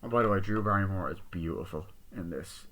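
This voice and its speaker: A man's voice: low voice, a little fast, a bit bright, slight background noise. A man giving a casual, rambling movie review, swearing often as he retells scenes. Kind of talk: casual spoken film review.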